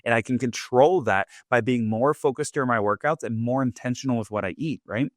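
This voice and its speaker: A man in a middle register hosts his own podcast in a relaxed, rambling monologue. He keeps dropping "like" and "right?" as he goes. The recording is dry, with no room echo. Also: medium pitch, brisk. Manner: loose, chatty, leans on "like" and "right?". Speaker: podcast host. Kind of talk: casual motivational monologue.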